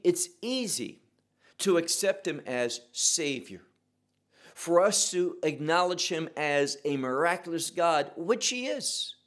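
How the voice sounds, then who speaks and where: A man preaching a sermon as pastor, explaining scripture with rhetorical questions. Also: fairly high pitch.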